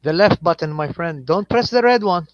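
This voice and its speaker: A man's voice: a little high, animated, normal speed, no echo, lo-fi sound. A man from Tennessee hosts a casual group call. He jokes and tells folksy little stories. His voice is dry and close. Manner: joking, folksy storyteller.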